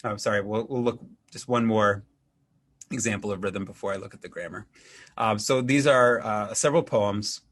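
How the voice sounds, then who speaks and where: A man, an English professor, giving an academic lecture in a measured way, with frequent ums and restarts. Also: on the low side, fairly bright tone.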